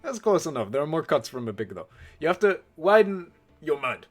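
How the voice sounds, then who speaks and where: A man's voice: on the high side, very animated, brisk, faint music behind, voice pushed up. A man voicing a stern, scornful male head chef who lectures in formal speech without contractions. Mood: lecturing.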